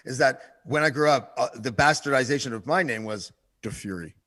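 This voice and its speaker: A man's voice: mid-range voice, a little fast, sharp tone. A man from Ontario, a guest on a talk show, trading sarcastic jokes and quips. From Madawaska Valley, Ontario, Canada. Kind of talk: casual chat.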